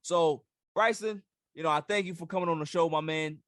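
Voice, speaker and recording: A man hosting a sports podcast in casual talk, emphatic and animated, often repeating words as he builds a point. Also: on the high side, a little fast, no room sound, clean studio sound. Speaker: podcast host.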